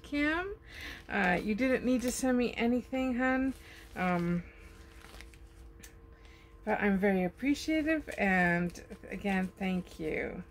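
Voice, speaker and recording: Slow gushing woman with a gravelly voice. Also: medium pitch, a bit bright, a little hiss or hum. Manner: gushing, slow, lingering on her words. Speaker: vlogger. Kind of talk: casual unboxing chat. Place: home in an RV.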